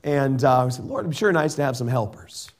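A middle-aged man preaching a sermon and reading scripture in an earnest way. He shifts between loud emphasis and soft asides. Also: mid-range voice, animated, brisk. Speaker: pastor.

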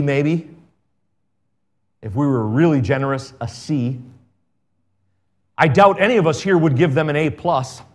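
A man preaching a sermon as pastor, reading scripture aloud and swinging between emphatic and quiet delivery. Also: on the high side.

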